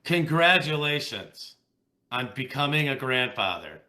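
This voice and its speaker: Bright-toned man hosting a podcast. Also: mid-range voice, very animated, measured pace. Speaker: podcast host. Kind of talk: casual podcast chat.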